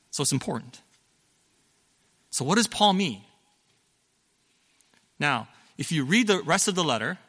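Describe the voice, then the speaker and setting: Middle-aged male pastor, bright tone in a reverberant hall. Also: mid-range voice. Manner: conversational, explanatory, with fillers and self-corrections. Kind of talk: sermon.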